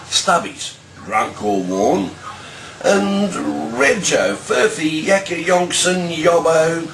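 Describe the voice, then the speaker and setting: A man's voice: mid-range voice, fairly bright tone. A man with an Australian accent reciting rhyming bush poetry in a rhythmic, sing-song way, full of slang. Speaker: bush poet. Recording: echoey, distant, noisy ambience.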